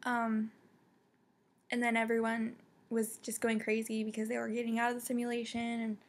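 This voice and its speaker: A young woman reviewing a book casually, excitable and full of fillers and restarts. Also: fairly high pitch, moderate pace. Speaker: book vlogger.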